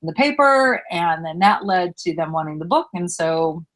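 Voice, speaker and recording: A woman's voice: lowish voice, normal speed. Easygoing female podcast co-host. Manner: relaxed, friendly, laughs easily. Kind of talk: casual chat.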